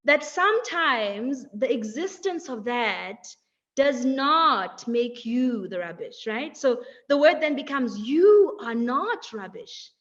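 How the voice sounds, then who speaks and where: High-voiced woman speaking slowly. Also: animated, a bit bright, dull audio. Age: young adult. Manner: measured, drawn-out phrasing, frequent "like" and "right?". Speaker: webinar speaker. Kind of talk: reflective motivational talk.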